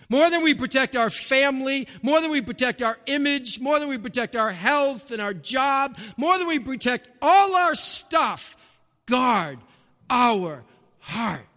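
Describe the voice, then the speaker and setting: A man preaching a sermon, emphatic, with rhetorical questions, rising to shouts and dropping to a hush, in a church sanctuary. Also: sits high. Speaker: pastor. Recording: long reverb of a large hall.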